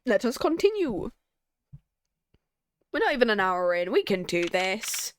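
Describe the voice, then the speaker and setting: A woman's voice: mid-range voice, a little slow, a little hiss or hum. A woman streamer joking and voicing characters as she plays through a game, over game music. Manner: joking, sardonic, lively. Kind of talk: voicing a game playthrough with commentary.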